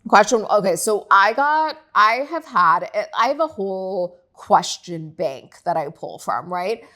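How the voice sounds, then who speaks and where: A young woman hosting her own podcast, telling a personal story in a candid, animated way with frequent swearing and filler likes. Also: medium pitch, unhurried. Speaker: podcast host. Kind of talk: casual solo podcast chat.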